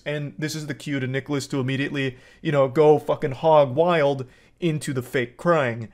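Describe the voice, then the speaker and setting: A man giving sarcastic, animated reaction commentary on a clip. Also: a little high, moderate pace.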